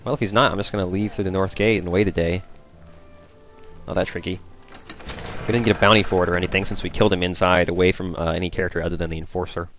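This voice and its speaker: A young man chatting casually as he plays a video game, rambling and easily excited. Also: low-pitched. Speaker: gameplay commentator. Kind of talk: casual let's play commentary.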